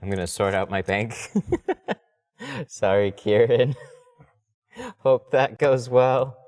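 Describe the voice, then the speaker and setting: This man's mid-range voice is expressive and a bit dark, and he takes his time. Talking into a headset as he tints a window live, he stays chatty and relaxed, cursing occasionally when things go wrong.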